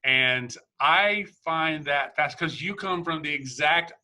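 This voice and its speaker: A man's voice: a little high, slow pace, sharp tone. A man hosting a casual conversation, telling a story in a rambling way with many restarts. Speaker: podcast host.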